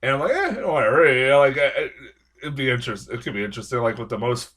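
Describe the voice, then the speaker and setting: A man's voice: mid-range voice, racing, fairly bright tone. A man giving a casual spoken film review, rambling and swearing constantly with many fillers as he rants in exasperation. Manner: rambling and heavily profane, with frequent fillers; exasperated ranting. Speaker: movie reviewer.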